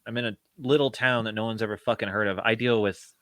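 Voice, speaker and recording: A man co-hosting a film review podcast, chatting casually in a halting, rambling way with many restarts. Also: fairly low pitch, steady tone, fairly bright tone, no room sound, clean studio sound. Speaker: podcast co-host.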